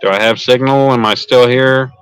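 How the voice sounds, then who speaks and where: A man chats on a casual fishing live stream in a blunt, joking, easygoing way. His voice is smooth and resonant. He holds his phone up while he drives, and the sound is dry and close. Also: medium pitch, steady tone, moderate pace, a bit bright, dry recording, rough recording. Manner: laid-back, blunt, joking. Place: in a vehicle, driving. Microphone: handheld phone.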